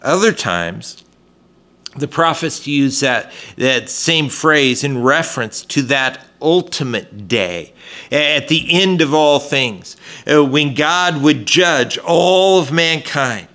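Male pastor, sermon delivery, unhurried and bright, chatty with restarts. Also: a little high, expressive. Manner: conversational preaching with frequent fillers and restarts.

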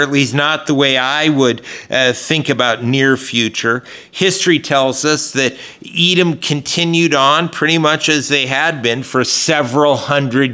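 Slow, bright-voiced male preacher. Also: mid-range voice, clear, resonant tone. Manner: conversational preaching with frequent fillers and restarts. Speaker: pastor. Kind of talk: sermon.

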